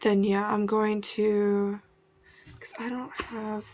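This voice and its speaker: A woman's voice: mid-range voice, flat delivery, slow pace, a little mellow. A woman playing a tabletop game, thinking aloud as she plans her character's moves. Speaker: player.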